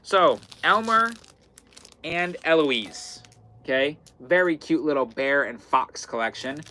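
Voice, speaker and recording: A man hosts a live-stream sale from an indoor fabric shop. His voice is bright and forward, and his talk is loose and chatty as he keeps calling out item numbers. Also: a little high, animated, takes it slowly, a little hiss or hum. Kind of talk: live-stream sales chat.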